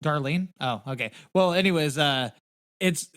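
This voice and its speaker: A man with a somewhat high voice chimes in on a casual podcast. He jokes irreverently and swears freely. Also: moderate pace, fairly bright tone, smooth. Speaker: podcast co-host.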